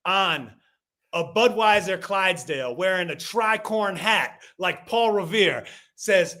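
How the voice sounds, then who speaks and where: A man co-hosting a casual podcast, spinning animated comedic scenarios. His voice sits high and comes across bright and forceful. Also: a little slow. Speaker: podcast co-host. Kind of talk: casual chat.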